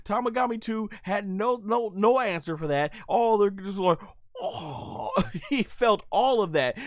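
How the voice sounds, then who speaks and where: Animated man reviewing an anime episode. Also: sits high, no room sound, clean studio sound. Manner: animated, acts out characters' lines; laughs often, talks to viewers like friends. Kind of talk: excited casual commentary.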